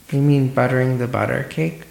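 Very gravelly man cracking wry quips. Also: medium pitch, fairly even intonation, darkish tone. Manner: wry quips, quick interjections. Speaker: podcast co-host. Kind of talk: casual podcast chat. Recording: echoey room recording.

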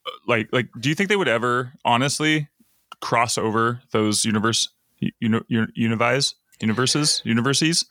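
A man's voice: mid-range voice, moderate pace, sharp tone, no echo, studio quality. A man co-hosting a podcast in casual chat, laughing often and tripping over his words. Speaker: podcast co-host.

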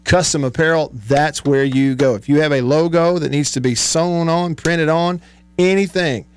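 A man's voice: fairly high pitch, normal speed, clear, resonant tone, dry recording. A man hosting a sports radio show in a studio, chatting casually, reading listener texts and laughing often. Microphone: studio microphone.

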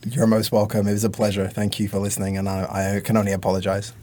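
A man's voice: fairly low pitch, monotone, fast. A man appearing as a podcast guest in a studio, chatting casually with dry, self-deprecating humor.

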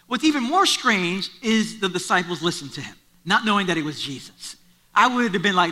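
A man's voice: high-pitched, sing-song, normal speed, bright, forceful tone. A man preaching a sermon, retelling a story in a conversational way and driving points home through repetition. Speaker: pastor.

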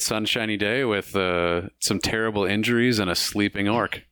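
A man's voice: lowish voice, fairly even intonation, moderate pace, few pauses, sharp tone, clear, resonant tone, no room sound, soft background music. A man running a tabletop game as game master, narrating combat vividly with playful, crude jokes.

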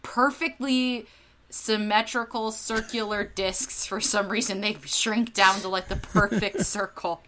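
Bright-voiced woman telling stories dramatically. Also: mid-range voice. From Northern California. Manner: animated, dramatic, swears and laughs often. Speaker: podcast co-host. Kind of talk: casual storytelling chat.

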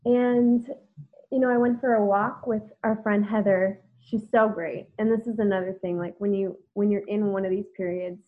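A woman hosts a podcast and tells a personal story, candid and reflective, saying "like" constantly. Her mid-range voice holds a steady tone at normal speed. The audio is tinny, as if over a phone.

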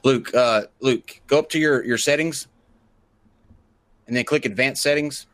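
A man's voice: mid-range voice, a little slow, a bit bright, no room sound. A man hosting a live online show, giving step-by-step instructions and joking along the way. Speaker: host.

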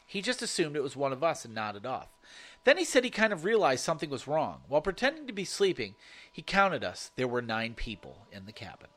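A man narrating a first-person horror story, swearing freely and telling it with animated energy. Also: a little high.

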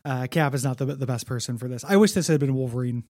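A man's voice: mid-range voice, fast talker, a little mellow, dry recording, clean studio sound. A man co-hosting a casual comic book podcast, talking in a laid-back, rambling way with many fillers. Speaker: podcast co-host.

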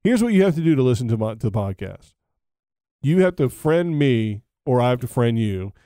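A man co-hosts a casual podcast in a joking, rambling, self-mocking way. His voice is mellow and soft-edged. The recording is dry and close. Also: mid-range voice, sing-song, fairly quick, no echo. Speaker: podcast co-host. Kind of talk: casual chat.

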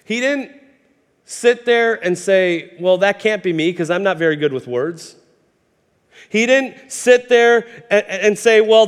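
High-voiced, impassioned male pastor preaching. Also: smooth. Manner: impassioned, storytelling, repeats words when building up. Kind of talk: sermon. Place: church sanctuary. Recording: hall reverb.

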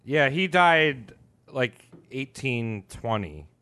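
A man co-hosting a casual podcast, excitable and joking crudely, with lots of cursing. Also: medium pitch, slow pace. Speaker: podcast co-host.

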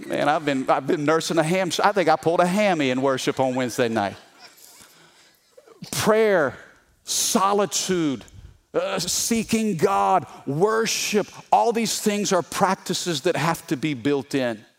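A middle-aged male pastor preaching an energetic sermon, calling on the congregation to respond. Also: a little high, measured pace, gravelly. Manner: animated, call-and-response with congregation.

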